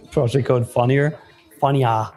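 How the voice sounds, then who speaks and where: A man's voice: medium pitch, fairly even intonation, takes it slowly, mellow, faint music behind. A man co-hosting a live stream, joking around, laughing and reading the chat aloud. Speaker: livestream co-host.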